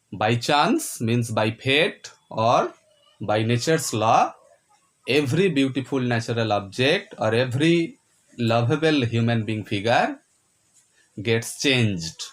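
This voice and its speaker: A man teaching a lesson on a poem, repeating phrases and stopping often to ask "Clear?" or "Okay?"; he also spells words out letter by letter. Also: mid-range voice. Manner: repetitive, checks understanding with "Clear?" and "Okay?". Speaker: English teacher. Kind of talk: classroom lecture explaining a poem.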